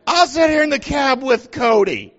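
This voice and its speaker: Middle-aged man, very high voice, folksy preacher telling stories, dull lo-fi recording. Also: expressive, normal speed, a bit bright. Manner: folksy storyteller, acts out quotes. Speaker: pastor. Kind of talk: sermon with personal story. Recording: dull lo-fi sound.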